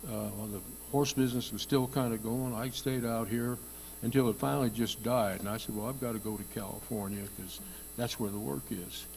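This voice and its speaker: Older ex-stuntman, gravelly voice, plainspoken, echoing hall. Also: medium pitch, fairly even intonation, fairly quick, darkish tone. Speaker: panel guest, former stuntman. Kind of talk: reminiscing on a reunion panel.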